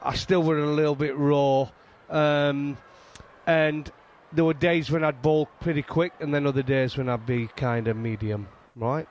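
A man's voice: fairly high pitch, unhurried. A middle-aged man with a Yorkshire accent, telling stories in a casual chat as a guest. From England. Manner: animated storytelling, frequent restarts. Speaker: guest, former fast bowler.

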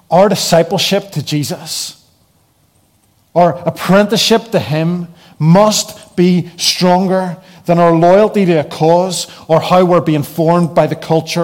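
A man with a fairly high voice delivers a sermon in an earnest tone. He reads scripture slowly, letting his phrases fall away softly, and later drives home short refrains with rising force. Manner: earnest, builds to repeated emphatic refrains. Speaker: keynote preacher.

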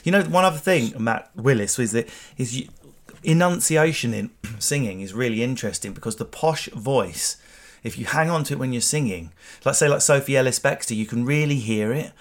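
Man host, mid-pitched, teasing, fast with the questions. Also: expressive. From England. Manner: teasing, quick-witted questioner. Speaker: podcast host. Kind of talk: casual podcast chat.

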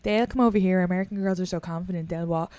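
A woman's voice: on the low side, steady tone, dark tone, no echo. Brash Irish woman, dry close sound. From Ireland. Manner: brash, quick storytelling full of swearing. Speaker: podcast host and comedian. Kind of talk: casual chat.

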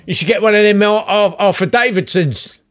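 A man's voice: high-pitched, brisk, fairly bright tone, voice pushed up. A man putting on the voice of an angry, pushy middle-aged man at a job club, stammering and insistent.

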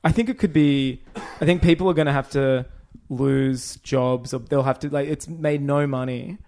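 A man's voice: medium pitch, fairly even intonation, moderate pace, warm tone. A man, ranting and swearing in a casual film review chat.

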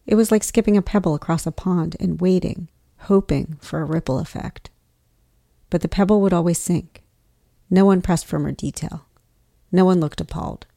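A woman narrating a personal story in a measured, reflective way. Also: on the low side, gravelly, warm tone, no echo, studio quality.

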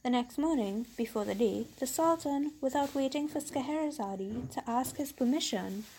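A woman who hosts a story podcast, reading a classic tale aloud in a measured, steady way. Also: high voice, slight background noise, poor audio. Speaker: story reader.

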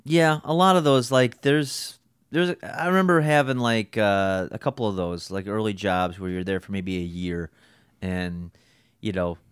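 A man's voice: fairly low pitch, steady tone, unhurried, clean tone, dry recording, clean studio sound. A young man co-hosting a casual podcast chat, rambling and swearing freely about old jobs. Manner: rambling, swears often, self-deprecating. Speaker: podcast co-host.

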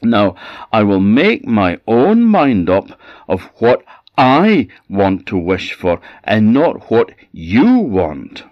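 A man with a Scottish accent voicing a kind, worn-out young woodcutter who speaks up high and hesitant. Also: huge pitch swings, slow pace, vocal fry, dry recording, muffled recording, full character voice. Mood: fed up.

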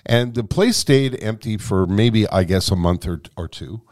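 A man telling a long anecdote as a guest in a conversation, animated and freely swearing. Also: on the low side, a little slow. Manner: animated, profane storytelling. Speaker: guest storyteller.

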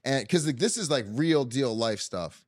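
A man tells a story in a casual podcast chat. He is animated and swears, and he acts out the other people in the story. His voice sits in the middle of a man's range, and it is recorded close and dry with no room sound. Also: mid-range voice, moderate pace, no room sound. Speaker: podcast co-host.

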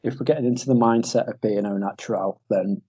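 Male co-host, dark husky voice, rambling jokey banter. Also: medium pitch, fast, highs cut off. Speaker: podcast co-host. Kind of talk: casual podcast banter.

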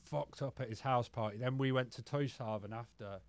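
A man's voice: medium pitch, brisk, dry recording. A man telling his own stories as a podcast guest, in a loose, rambling way, swearing freely and calling everyone "mate". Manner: peppers speech with "mate" and swearing. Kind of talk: candid casual storytelling.

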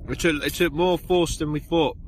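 Brief: male co-host, fairly high voice, dry jokey delivery, recorded in a tent with faint background noise. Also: fairly even intonation, normal speed. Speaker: podcast co-host. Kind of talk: casual chat. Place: inside a small tent outdoors.

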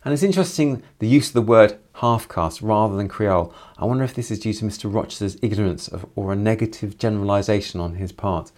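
A man's voice: lowish voice, darkish tone. A man summarizing a novel chapter by chapter, adding reflective personal asides. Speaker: literature commentator.

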